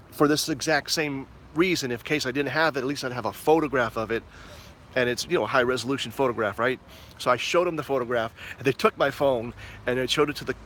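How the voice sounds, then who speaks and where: A middle-aged American man with a slightly higher voice tells a story outdoors. He is animated and swears freely as he acts out each voice in the exchange. Faint traffic hums behind him. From United States. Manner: animated, profane, acts out both sides of dialogue. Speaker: vlogger. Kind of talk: casual storytelling to camera.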